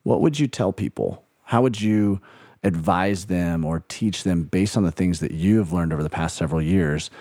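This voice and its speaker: Deep-voiced man hosting a faith interview. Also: normal speed, no echo, clean studio sound. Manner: warm encouraging interviewer, long winding questions. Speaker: podcast host.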